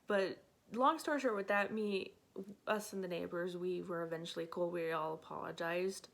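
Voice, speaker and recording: A woman's voice: on the low side, normal speed, vocal fry. Chatty woman telling a personal story. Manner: chatty, many "like" fillers, acts out her own past lines. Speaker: storyteller vlogger. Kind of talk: casual storytime chat.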